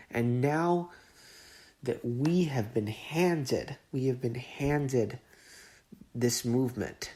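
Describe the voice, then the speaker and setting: A podcast host from Southern California delivers an earnest, emotional monologue on his own show, often repeating and restarting his words as he gets emotional. His voice is medium in pitch and dark, with drawn-out words.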